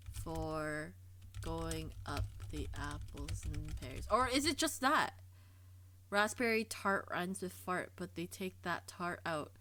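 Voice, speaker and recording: A woman streamer chatting casually on a livestream, curious and quick to laugh, often stumbling and repeating herself as she thinks aloud. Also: mid-range voice, fairly bright tone. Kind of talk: casual livestream chat, reading and answering chat.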